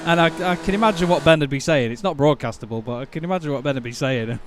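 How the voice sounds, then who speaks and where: A man with a Northern English accent doing excitable, jokey live sim racing commentary, quick to laugh and exclaim. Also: a little high, background noise.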